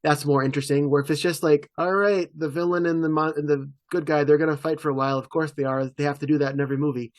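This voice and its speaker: Chatty man with a slightly high voice. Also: steady tone, no echo. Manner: rambling, quick asides. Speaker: podcast co-host. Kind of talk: casual chat.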